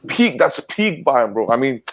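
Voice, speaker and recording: A man's voice: medium pitch, very animated, unhurried, a loud crowd. A man co-hosting a live football debate, arguing his points casually and calling the others "bro". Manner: argumentative, says "bro" and "man".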